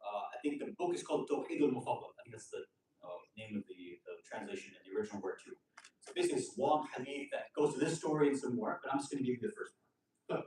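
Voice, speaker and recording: A man's voice: medium pitch, quick pace, slight background noise. Man preaching in an echoing hall. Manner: conversational, animated storytelling with casual asides. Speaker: preacher giving a majlis lecture. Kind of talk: storytelling sermon. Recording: echoey hall, voice from a distant mic.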